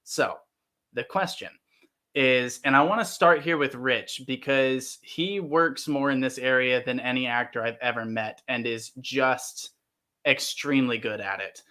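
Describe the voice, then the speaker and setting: A man's voice: medium pitch, a little slow, pushed and bright. An American man hosting a casual roundtable, enthusiastic and reading out viewer comments. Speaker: host.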